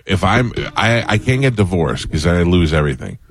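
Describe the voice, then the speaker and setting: A man hosting a radio talk show, telling stories in a dry, deadpan way. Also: sits low, fairly quick, dry recording. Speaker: radio host. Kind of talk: comic radio chat.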